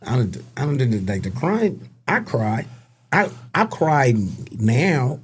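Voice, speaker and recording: A middle-aged man in casual podcast chat, animated and joking, swearing freely as he tells stories. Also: medium pitch, measured pace, slight background noise. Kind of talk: casual conversation.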